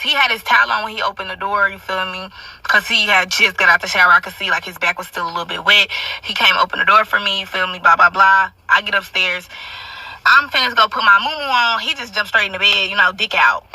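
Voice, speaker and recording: A woman's voice: medium pitch, quick pace, sharp tone, no echo, recorded from a distance, rough recording. A young woman telling a story in a casual monologue, brash and profane, with constant asides to her listeners.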